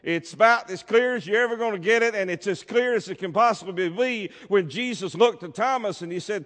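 A man's voice: sits high, fairly quick, few pauses, a bit bright. A man preaching a sermon as pastor, emphatic, drawing out his key words. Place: church sanctuary. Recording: long reverb of a church hall.

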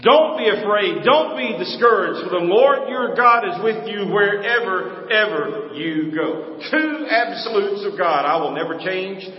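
A man's voice: high-pitched, expressive, a little slow, few pauses. A man preaching a sermon, with an emphatic, sing-song cadence and sudden swings in volume. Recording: echoey hall, dull sound.

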